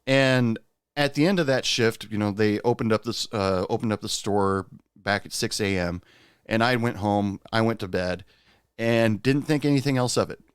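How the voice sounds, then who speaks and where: Low-voiced man telling a rueful story. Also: moderate pace, clean tone, dry recording, studio quality. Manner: candid, rueful, conversational. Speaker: podcast host. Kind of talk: personal storytelling monologue.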